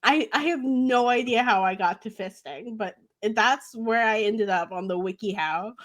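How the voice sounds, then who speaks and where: A woman's voice: fairly high pitch, normal speed. A woman co-hosting a podcast, telling candid stories in casual chat with frequent laughter. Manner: laughing, candid, animated storytelling. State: hiccups. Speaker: podcast co-host.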